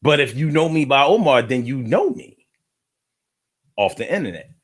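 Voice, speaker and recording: A man chatting casually on a live stream, telling stories in an animated, slangy way, repeating his phrases and reading out viewer comments. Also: mid-range voice, normal speed, breathy edge.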